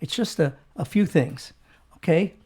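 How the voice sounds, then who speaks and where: An older man with a northern US accent co-hosts a small local talk show, chatting loosely in an unhurried, husky voice that sits a touch high yet sounds dark and mellow. He rambles through his stories, chuckling often and trailing off with ums and hesitations.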